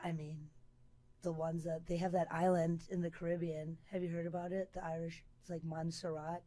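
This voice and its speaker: A woman guest on a comedy podcast, cracking jokes in a dry, deadpan, quiet way. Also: fairly low pitch, normal speed, no echo. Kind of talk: casual podcast banter.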